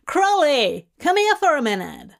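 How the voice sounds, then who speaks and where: A woman doing a bright, cheerful young woman. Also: high-pitched, very animated, a little slow, gravelly, voice pushed up, heavily acted. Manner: bright, polite. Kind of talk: fanfic audiobook reading.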